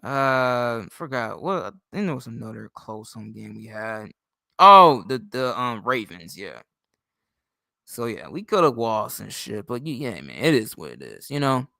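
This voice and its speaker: A man's voice: medium pitch, very animated, measured pace, vocal fry, sharp tone, no echo, clean studio sound. A young man from New York State hosting a livestream in casual, rambling, profane chat. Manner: rambling, profane, loose and chatty. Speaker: livestream host.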